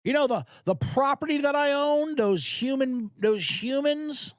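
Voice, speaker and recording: A man's voice: very high voice, animated, a little slow, no echo, clean studio sound, voice pushed up. A man putting on the voice of a smug, condescending rich male team owner. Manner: condescending, possessive.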